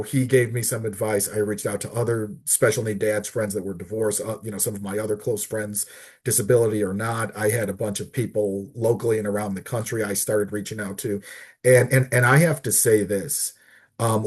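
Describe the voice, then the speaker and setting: A middle-aged man, a podcast guest, telling a personal story earnestly and haltingly, often repeating words as he searches for them. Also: medium pitch, darkish tone, slightly rough. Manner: earnest, heartfelt. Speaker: podcast guest, disability advocate.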